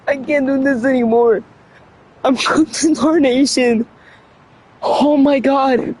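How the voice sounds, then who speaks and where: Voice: high-pitched, fairly even intonation, slow pace, long pauses, darkish tone. A young adult streamer chatting casually on a livestream, stumbling over words, laughing often and mocking themself. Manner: laughs often between lines.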